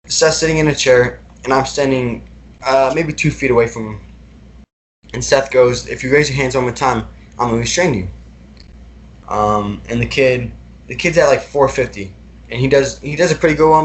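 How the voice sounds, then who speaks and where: A young man recounting personal experiences as a podcast guest, talking casually with lots of fillers and repeated words. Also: mid-range voice.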